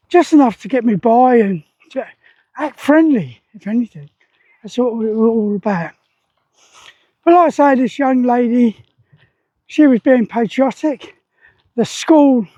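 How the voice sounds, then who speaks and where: A man's voice: extremely high pitch, mellow, no room sound, highs cut off. A man, telling stories in a rambling, plain-spoken way as he vlogs outdoors beside a weir. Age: 60s. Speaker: army veteran vlogger. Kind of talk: casual spoken vlog.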